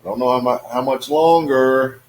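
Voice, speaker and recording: A man casually reviewing a cigar on his video channel, in a relaxed, musing way with many fillers. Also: mid-range voice, normal speed.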